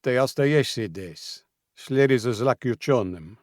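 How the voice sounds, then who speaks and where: A man voicing a cold, theatrical male mobster, with a smooth, mock-polite, menacing manner. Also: mid-range voice, expressive, unhurried, no room sound, studio quality, voice pushed up, close to an everyday voice. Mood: curt commands.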